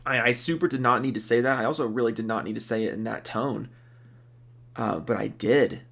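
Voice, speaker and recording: A young man reading viewer names aloud on a livestream, rapid and goofy, jumping into silly voices. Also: mid-range voice, bright, forceful tone. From Seattle. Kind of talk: fast comedic livestream read-out.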